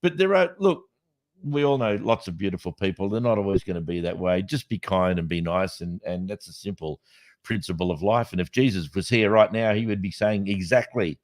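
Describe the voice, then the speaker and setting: Low-voiced aussie bloke chatting on a podcast, lively storyteller, dry studio sound. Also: male voice, brisk, dry recording. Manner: animated storyteller, many restarts. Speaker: podcast co-host. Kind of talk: casual chat.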